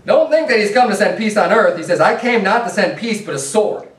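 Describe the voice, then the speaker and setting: A man's voice: high voice, lively intonation, brisk. A man preaching a sermon as a pastor, earnest and plain-spoken, reading scripture aloud between his own points. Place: church sanctuary. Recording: echoey room, mic at a distance.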